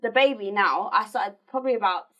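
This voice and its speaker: A woman's voice: medium pitch, fairly quick, pushed and bright. A woman with a South London accent, co-hosting a podcast in a frank, outspoken way, swearing freely. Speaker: co-host. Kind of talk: casual podcast chat.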